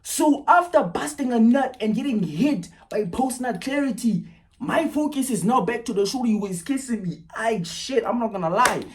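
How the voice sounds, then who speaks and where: A young man recounts a story in a loose, casual vlog. He talks with animation, jumping from loud, excited bursts down to low, muttered asides. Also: normal speed.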